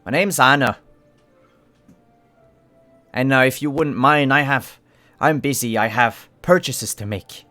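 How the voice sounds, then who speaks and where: A man's voice: medium pitch, a little slow, pauses often, a bit bright, soft background music, lightly acted. A man voicing a wary young village mother who guards her baby, speaking curtly and defensively. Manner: curt and defensive.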